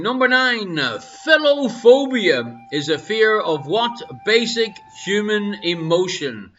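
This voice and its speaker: Irish man, quiz host at home, high bright voice, joking with viewers, dull stream audio with faint music. Banter-heavy host. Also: expressive, measured pace. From Ireland. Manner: jokey, teasing banter with viewers in the chat. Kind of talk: live-streamed pub quiz hosting. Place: his home.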